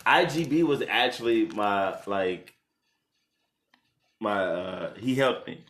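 Young man, casual storyteller, lively and swooping delivery, lowish voice, laughs a lot. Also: takes it slowly. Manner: animated storyteller, jumps into high voices for quotes, laughs often. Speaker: co-host telling the proposal story. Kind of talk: casual couple chat.

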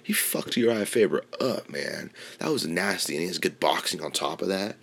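Very deep, gravelly rambling man. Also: lively intonation, moderate pace, a bit bright. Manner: rambling, filler-heavy and swears freely. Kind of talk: casual opinion talk on mixed martial arts.

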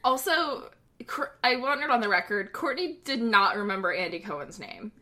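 A young woman with a higher-pitched, animated voice co-hosts a casual podcast, rambling through stories with plenty of giggling. She talks at a moderate pace while crowd noise fills the background.

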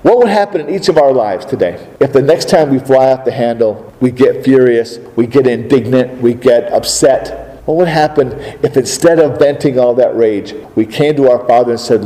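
A man's voice: mid-range voice, normal speed, mellow, big-room sound, low-quality recording. A man preaching a sermon, asking the congregation rhetorical questions and acting out the voices of biblical figures.

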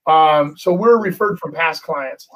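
A middle-aged man, a real estate agent, telling a story in casual chat, animated and full of restarts. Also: on the high side, a little slow, distant mic, low-quality recording. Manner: animated, acts out quotes, many restarts.

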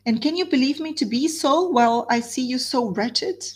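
A composed, solemn young woman urging her sister, as a woman reading aloud puts her on, in a raised, breathy voice. Her tone is earnest and steady, like a storybook reading. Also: high voice, moderate pace, pitched above the performer's own voice.

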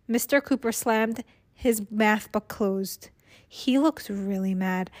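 A woman reading a children's book aloud to a child, with expressive storytelling and chat in between. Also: mid-range voice, slow. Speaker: reader.

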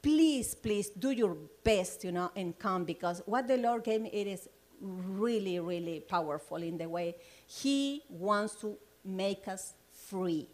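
A woman leading a Bible study, sharing her personal testimony in a lively, rambling way and laughing often. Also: mid-range voice, measured pace. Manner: loose, rambling phrasing.

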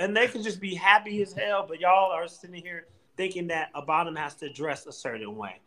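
A man co-hosting a podcast in casual chat, talking in an animated, emphatic way with plenty of slang. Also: sits high, a little fast, low-quality recording. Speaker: podcast co-host.

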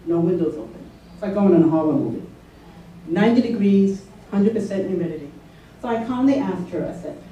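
A woman's voice: mid-range voice, fast talker, mellow. Woman telling her story, far off. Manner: conversational, checks in with listeners. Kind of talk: personal storytelling talk. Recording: echoey room from far off, faint noise.

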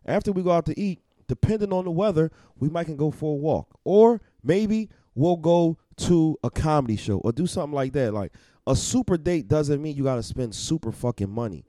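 A man talking as a podcast guest in casual chat, blunt, profane and animated as he tells stories. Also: a little high, brisk, dry recording, studio quality.

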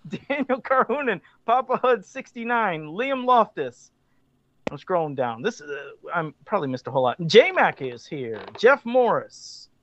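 A man's voice: high-pitched, sing-song, a little slow, fairly bright tone. A man hosting a casual live chat show, who laughs often, swears freely and tells stories with a lot of animation. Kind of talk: casual crude banter. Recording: dull lo-fi sound.

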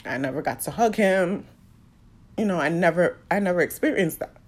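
Woman opening up about her life, lowish voice, emotional, trying not to cry. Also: lively intonation, moderate pace, breathy edge. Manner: open and emotional, fighting back tears. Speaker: podcast host sharing a personal story. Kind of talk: candid personal storytelling.

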